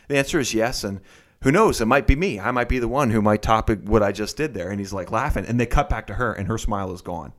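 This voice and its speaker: A man's voice: fairly low pitch, quick pace. A man in casual chat, retelling a story animatedly and acting out the people he quotes. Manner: animated storyteller who acts out quotes in shifting voices.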